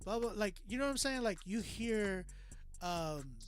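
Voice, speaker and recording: A man's voice: high-pitched, lively intonation, measured pace, slight background noise. A man hosting a live music review stream, talking in a loose, emphatic casual way and often asking "you know what I'm saying". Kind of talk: casual live critique chat.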